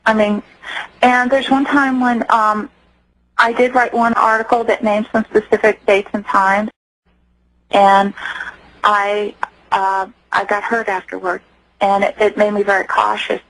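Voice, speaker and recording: A woman's voice: mid-range voice, level tone, fairly bright tone, poor audio. A middle-aged woman telling her personal story earnestly as a radio interview guest, often stopping and restarting. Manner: earnest, acts out quoted voices, halting restarts. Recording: radio broadcast.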